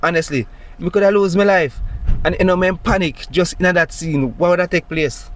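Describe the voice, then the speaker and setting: Speaking with a Jamaican accent, this man describes a police stop, firing off rhetorical questions in an agitated, emphatic outpouring. His voice is high-pitched and his pace a little fast.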